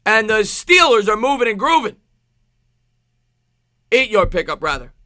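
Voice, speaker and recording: A man with a New York accent streaming live play-by-play football commentary, excitable, with rhyming calls and thanks to chat viewers. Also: sits high, measured pace, no room sound, clean studio sound. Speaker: sports streamer.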